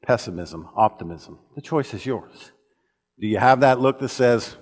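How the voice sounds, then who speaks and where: A man's voice: medium pitch, animated, a little fast. A man preaching a sermon in a church, telling stories in an earnest way with frequent restarts. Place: church auditorium. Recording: long reverb of a church hall.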